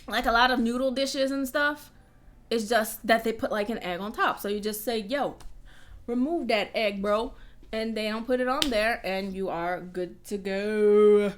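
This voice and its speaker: A woman's voice: on the high side, steady tone, moderate pace. A young woman from the United States chatting casually on a live stream from home, rambling and reading out donor messages.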